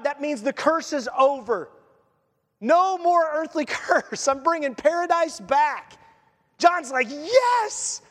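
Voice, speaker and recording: A middle-aged male pastor preaches with a strikingly high voice, jumping into the voices of the people he quotes. His words ring out with the long reverb of a big church hall. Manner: animated, acts out quotes, restarts often. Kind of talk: sermon.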